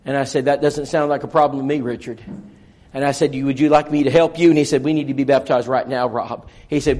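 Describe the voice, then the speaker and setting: A man's voice: fairly high pitch, darkish tone. A man preaching a sermon, telling a story in an earnest, folksy way and acting out the dialogue.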